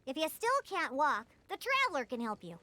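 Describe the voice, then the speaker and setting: An exasperated young girl from a fantasy game, scolding her father with a teasing edge. Her voice rides high and swoops with lively inflection. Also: brisk, faint music behind, heavily acted. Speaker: game character, daughter.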